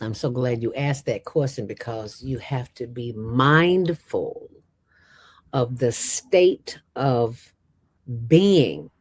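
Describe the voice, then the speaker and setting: A woman who founded a nonprofit, telling stories in an interview with an emphatic, streetwise, animated manner. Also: rumbling low, breathy edge.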